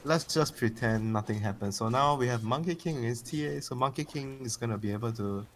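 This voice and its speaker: A man's voice: mid-range voice, brisk. Guy casting a game, teasing and blunt, faint hiss behind. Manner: blunt and teasing, excitable reactions. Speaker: esports caster. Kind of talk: casual play-by-play commentary.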